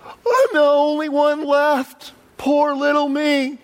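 A man's voice: extremely high pitch, completely flat delivery, slow, voice pushed up. A man voicing a whiny, self-pitying male prophet while retelling a scripture story. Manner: whining.

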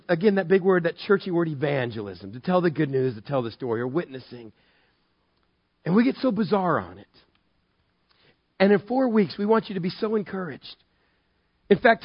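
A male pastor preaching a sermon, telling stories with animated, self-mocking humor. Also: sits high, dry recording, lo-fi sound.

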